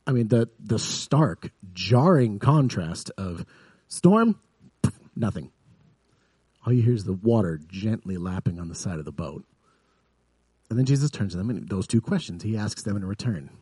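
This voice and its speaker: A man preaches a sermon with a low, husky voice and a mellow tone. He builds earnestly toward vivid emphasis, then sinks back to a soft, quiet delivery. The sound is dry and close. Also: expressive, normal speed, no room sound. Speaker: pastor.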